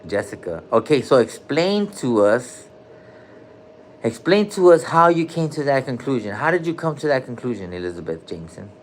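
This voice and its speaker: A man's voice: mid-range voice, sing-song, normal speed, a little hiss or hum. Slangy joking man on a livestream. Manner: loose and joking, calls out viewers' names, heavy slang. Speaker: livestream host. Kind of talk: casual livestream chat. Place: hospital room.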